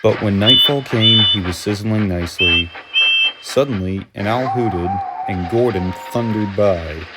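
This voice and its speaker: A man narrating a storybook tale in a steady, measured reading voice. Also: on the low side, heavy background noise.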